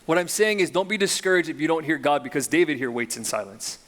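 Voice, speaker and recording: A young man preaching a sermon, swinging between loud, slow, emphatic build-ups and quiet, low reflection. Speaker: pastor.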